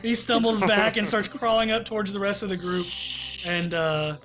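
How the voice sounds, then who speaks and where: A man narrating as game master in a tabletop game, halting, with many fillers. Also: high-pitched, little pitch movement, a bit bright, soft background music.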